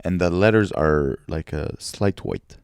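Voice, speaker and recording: A man's voice: low voice, unhurried, clean tone, no echo, studio quality. A man co-hosting a comedy podcast, chatting casually and teasing with crude jokes. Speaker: podcast co-host.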